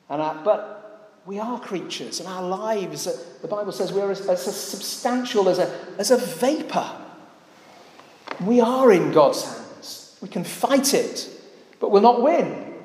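A man's voice: sits high, darkish tone. A man preaching a sermon in a church, earnest and often putting rhetorical questions to the congregation. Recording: echoey church hall.

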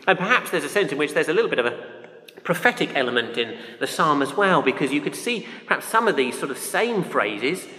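A man's voice: medium pitch, bright, forceful tone. A man preaching a sermon in a loose, conversational way, with anecdotes and frequent ums and uhs. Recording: echoey hall with long reverb.

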